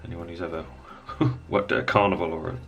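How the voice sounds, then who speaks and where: Deep-voiced man teaching miniature painting. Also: a little fast, soft background music. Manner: relaxed, rambling, thinks aloud while working. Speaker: painting tutor. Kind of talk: casual hobby tutorial.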